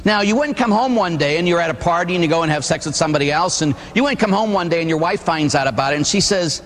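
A middle-aged man from Pittsburgh, a Catholic priest giving a humorous storytelling sermon, animated and theatrical. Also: on the high side, fast talker. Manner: animated, theatrical, acts out voices. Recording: long hall reverb.

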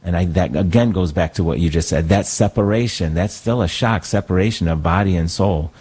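A man, a priest, talking in a thoughtful, reflective way, pausing to search for words. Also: low-pitched, a little mellow, slightly rough. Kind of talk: conversational talk.

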